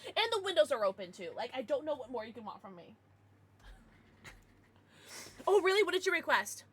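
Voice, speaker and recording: A woman's voice: high-pitched, sing-song, fast, fairly bright tone, breathy edge. A woman livestreaming, chatting casually with her viewers in a bubbly, giggly way with playful baby-talk asides.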